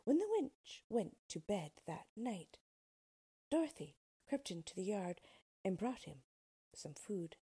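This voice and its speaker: A woman reads a storybook aloud in a slow, unhurried way. Her breathy voice sits a little high and rises and falls with great expression from line to line. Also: sing-song, warm tone.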